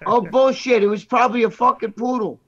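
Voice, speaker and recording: A man's voice: very high-pitched, fairly quick, highs cut off, crowd noise. A male podcast co-host making mocking, profane jabs. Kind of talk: casual podcast chat.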